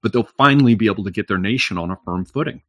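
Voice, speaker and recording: A man with a lowish voice holding forth as a podcast guest, recorded dry and close. He meanders through long explanations full of um, you know and restarts, dropping casual profanity. His tone stays conversational even as he drones on. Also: very fast, no echo. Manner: rambling, frequent fillers and restarts, profane. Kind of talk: long-winded conversational monologue.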